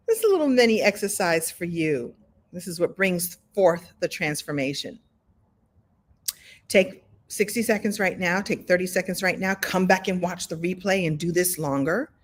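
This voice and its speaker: Woman, live online workshop, conversational, animated, video-call sound. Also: mid-range voice. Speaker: story coach.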